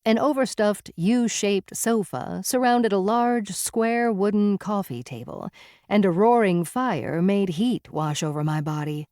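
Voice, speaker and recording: A woman's voice: medium pitch, expressive, a little slow, a little mellow, no room sound, studio quality. A woman narrating a first-person novel in a wry, conversational manner. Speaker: audiobook narrator.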